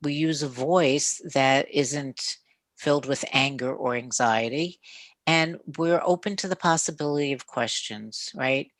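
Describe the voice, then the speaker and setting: A speaker giving conversation advice on a podcast in a coaching manner, often checking in with "right?" and acting out calm sample lines. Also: mid-range voice, measured pace, no echo. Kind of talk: casual advice talk.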